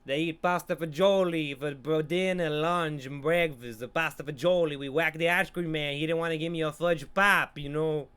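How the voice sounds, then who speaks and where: A man's voice: on the high side, fairly even intonation, a little slow, hardly any pauses, dark tone, smooth, close to an everyday voice. A man putting on a hammy mock mobster voice with an exaggerated, drawling delivery. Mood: boastful. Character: mock mobster man with a put-on Italian-American accent.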